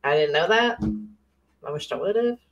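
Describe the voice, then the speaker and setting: A woman's voice: on the low side, animated, normal speed, highs cut off, soft background music. A woman co-hosting a podcast, chatting casually and joking playfully. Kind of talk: casual chat.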